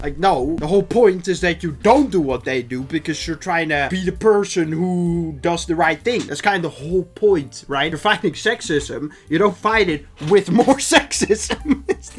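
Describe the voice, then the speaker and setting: A man's voice: high voice, animated, moderate pace. A young man hosting a casual reaction video, reading posts aloud with chatty, sarcastic commentary and frequent laughs. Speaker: YouTube reaction host.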